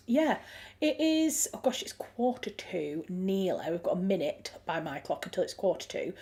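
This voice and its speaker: A woman's voice: on the low side, darkish tone. A woman with a Yorkshire accent hosting a writing livestream, chatting casually and reading out viewer comments with frequent ums and restarts. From Yorkshire, England. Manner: chatty, friendly, thinks aloud with many ums and restarts. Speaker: livestream host.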